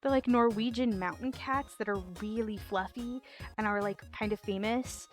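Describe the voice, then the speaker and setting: A woman's voice: fairly high pitch, moderate pace, soft background music. Giggly, rambling woman streamer. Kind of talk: casual chat with live chat.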